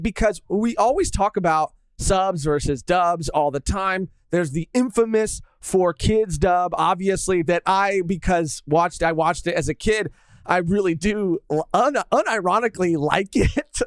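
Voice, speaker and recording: Male podcast co-host, lively pitch, dry close sound, easygoing and quick to laugh. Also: no room sound. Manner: laid-back, says "dude" often, laughs easily. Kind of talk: casual chat.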